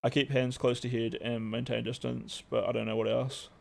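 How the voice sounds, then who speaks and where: A young man with a gravelly, creaky voice talks in a loose, rambling stream-chat style. He swears often and stacks up fillers as he goes. His pitch sits in the middle for a man. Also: flat delivery, moderate pace, a little mellow. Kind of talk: casual live-stream chat.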